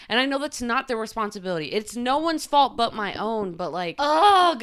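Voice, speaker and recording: A woman's voice: fairly high pitch, a bit bright, clean tone. A young adult woman hosting a podcast, talking candidly and emotionally about her own struggles, with "like" in nearly every sentence. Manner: confessional, heavy use of "like", emotional. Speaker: podcast host. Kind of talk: candid personal podcast monologue.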